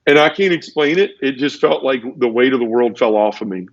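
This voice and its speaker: On a dull, lo-fi podcast recording with no echo, a male guest tells his personal testimony emotionally and repetitively, even acting out sound effects. His medium-pitched voice is expressive and brisk.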